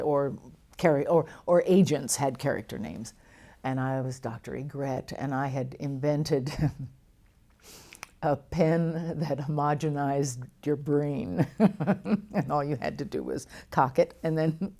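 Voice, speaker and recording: An older actress telling lively stories in an interview, with frequent laughs and restarts. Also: female voice, a bass voice. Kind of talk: storytelling interview.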